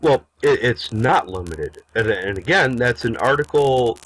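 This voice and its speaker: A man co-hosting a political talk show, joking sarcastically with halting restarts. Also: medium pitch, animated, fairly bright tone, poor audio. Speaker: podcast co-host. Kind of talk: casual political banter.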